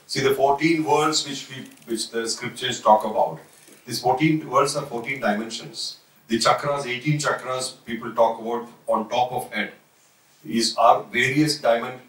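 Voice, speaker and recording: A man giving a slow, reflective spiritual talk, pausing often and restarting his phrases. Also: mid-range voice. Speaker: spiritual teacher. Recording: roomy, voice from a distance.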